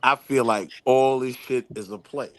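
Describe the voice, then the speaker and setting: A man's voice: mid-range voice, normal speed. A man hosting a casual group debate podcast, arguing his point insistently and talking over others. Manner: argumentative, insistent, animated.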